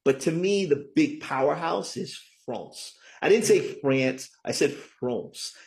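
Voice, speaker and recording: A man's voice: a little high, normal speed, vocal fry, a little mellow. A middle-aged man being interviewed as an author, talking in a chatty, emphatic way and often tagging "right?" onto his points. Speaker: guest, author. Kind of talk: casual interview talk.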